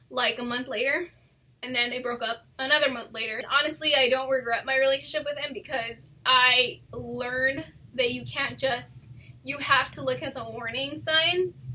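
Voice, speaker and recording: A young woman telling a personal story in a casual, animated way, swearing often and saying "like" a lot. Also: high-pitched, breathy edge. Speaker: storytime vlogger.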